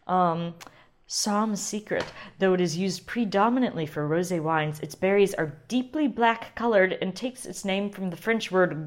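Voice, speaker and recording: A woman hosting a wine podcast alone, talking casually and excitably and often sidetracking herself. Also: lowish voice, unhurried. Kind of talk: casual solo wine talk.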